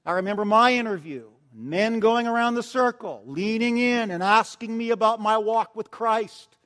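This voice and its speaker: High-voiced male pastor in a reverberant hall. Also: moderate pace. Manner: storytelling, swings between loud emphasis and soft tender asides. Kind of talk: sermon. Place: church sanctuary. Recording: long church-hall reverb.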